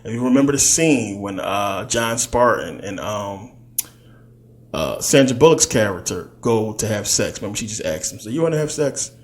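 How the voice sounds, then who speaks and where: A man with a lowish, expressive voice gives a loose, conversational spiritual teaching at a normal pace. He uses lots of fillers and slips into quoted voices.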